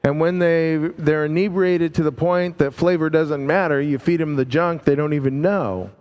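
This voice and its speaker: Man, preacher, sermon, unhurried emphatic delivery, fairly high voice, long hall reverb. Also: steady tone, muffled recording. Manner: slow and emphatic, drawing out key words with deep drops in pitch.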